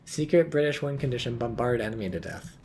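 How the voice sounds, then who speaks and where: A man's voice: mid-range voice, quick pace, darkish tone, slight background noise. A man giving casual, profane, sarcastic commentary on a strategy game replay and reading viewer chat aloud.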